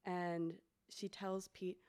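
A woman's voice: slow pace, clean tone. A woman, a special education teacher co-hosting a podcast, telling classroom stories casually and acting out a child's lines. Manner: relaxed storyteller, acts out a child's lines in a high voice. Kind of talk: casual storytelling chat.

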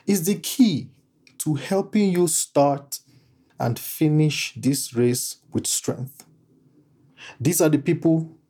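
A man preaching a sermon in a slow, deliberate way, leaning on repeated phrases for emphasis. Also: on the high side, dark tone.

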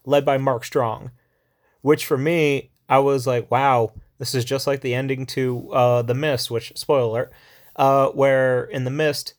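A man casually recapping a war film in a rambling way, with many fillers and quick acted-out quotes from the characters. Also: mid-range voice. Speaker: film reviewer. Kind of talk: casual spoken movie recap.

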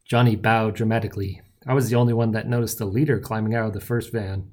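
A man narrating a novel in the first person with wry, lively storytelling. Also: fairly low pitch, quick pace. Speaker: audiobook narrator.

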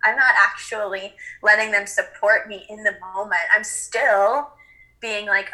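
A woman's voice: medium pitch, fairly even intonation, measured pace, pushed and bright, poor audio. A woman speaking earnestly and reflectively in a casual spiritual chat, with frequent fillers.

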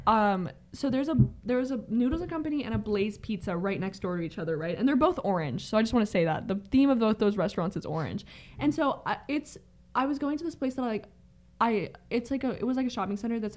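A woman's voice: mid-range voice, lively intonation, fast, darkish tone. A young woman in a casual chat, rambling through a story with frequent swearing and laughter.

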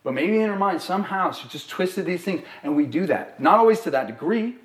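A young man, a therapist and co-host, talking casually on a live podcast. He tells stories in an animated way and keeps checking in with "right?". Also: sits high, a little fast. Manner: animated storytelling, many "right?" tags. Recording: roomy echo.

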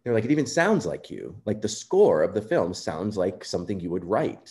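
A man being interviewed, telling a personal story in an earnest, animated way and acting out quoted remarks. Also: fairly low pitch, brisk. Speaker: composer guest.

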